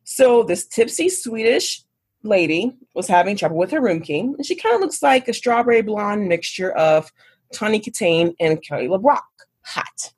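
Woman guest chatting, swoopy lively voice, kinda husky, laughs between lines. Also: medium pitch, moderate pace. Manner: animated, laughing often. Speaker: guest, author. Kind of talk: casual interview storytelling.

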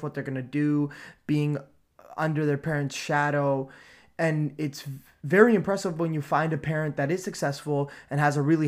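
A young man talks through his solo podcast in a loose, rambling way, full of fillers and offhand swearing. His voice sits a little higher than most men's. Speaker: podcast host. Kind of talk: casual solo podcast chat.

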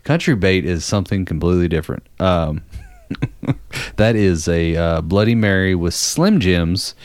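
A man's voice: deep voice, animated, a little slow, dry recording. A man co-hosting a podcast in casual comedic chat, joking and giggling as he reads product notes aloud. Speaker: podcast co-host.

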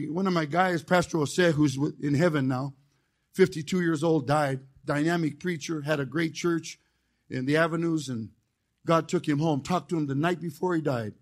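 A man preaching a fiery sermon as a chaplain, telling folksy stories with jokes and rising into shouted call-and-response. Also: fairly high pitch. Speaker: chaplain preaching as guest speaker.

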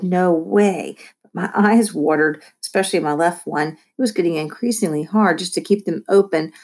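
A woman reading a children's novel aloud in steady, expressive first-person narration. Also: low voice, moderate pace, husky. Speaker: reader.

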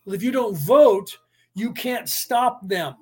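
Man, high voice, argumentative, rambling monologue, keeps asking "do you see?". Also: expressive, slow pace, slightly rough. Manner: repeats "do you see?" to press points; argumentative, acts out quoted voices in a lower tone. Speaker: speaker on politics and spirituality.

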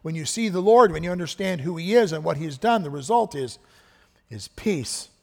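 Pastor guy preaching, slightly high husky voice, hushed then emphatic, long church echo. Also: lively intonation, moderate pace. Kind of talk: sermon. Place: church sanctuary. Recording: echoey church hall with long reverb.

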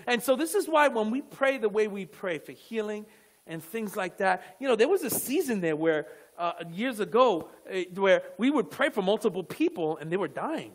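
A man's voice: sits high, sing-song, a little fast. A male pastor preaching a sermon with fervent, emphatic delivery and asides to the congregation.

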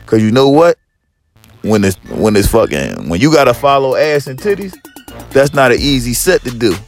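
A man hosting a podcast, telling a profane comedic monologue with lively storytelling, acting out other people and rising to yelling. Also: medium pitch, normal speed, soft background music. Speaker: podcast host.

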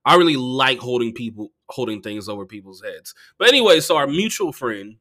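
A man chatting on a podcast, spinning rambling, profane stories with plenty of animation. His voice has a bright, forceful edge at a middle pitch, and he jumps into loud bursts when he quotes himself. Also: sing-song, a little fast. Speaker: comedian telling stories. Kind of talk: casual podcast chat.

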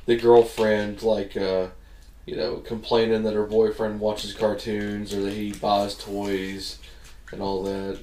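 Guy cohosting a podcast, tells stories loud and lively, does little voices, kinda low voice, echoey room a bit off mic. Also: slow, recorded from a distance, a little hiss or hum. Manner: animated storyteller, acts out voices, laughs a lot. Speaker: podcast co-host. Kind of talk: casual chat, storytelling.

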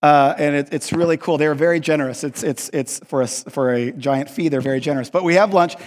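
High-voiced pastor in a reverberant hall. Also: male voice, fast talker. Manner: animated, self-mocking, acts out dialogue. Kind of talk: sermon with comic storytelling. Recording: long reverb of a large hall.

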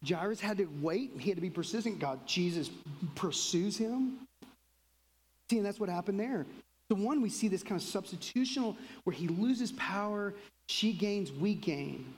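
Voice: mid-range voice, normal speed, in a large hall, poor audio. Pasteur à l'canadien, prêche sur un ton de conversation, longue réverbération d'une salle d'église. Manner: conversational, acts out quotes in lively voices. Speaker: pastor. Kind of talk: sermon.

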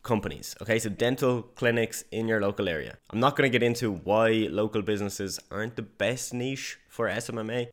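A man talking as a business coach in an online course lecture, direct and conversational, with deliberately varied emphasis. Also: fairly low pitch.

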